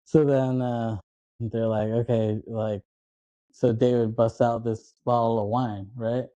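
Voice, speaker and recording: Male podcast co-host, 30s, very dark and mellow tone, dry sound, lively retelling with quick impressions. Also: medium pitch, no room sound, lo-fi sound. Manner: animated, acts out movie lines in quick impressions. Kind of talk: casual chat recapping a movie.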